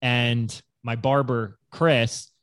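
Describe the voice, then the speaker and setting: A man's voice: medium pitch, steady tone, very slow, a bit bright, no echo. A man telling his business story in a casual interview, acting out other people's voices in quotes. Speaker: guest entrepreneur.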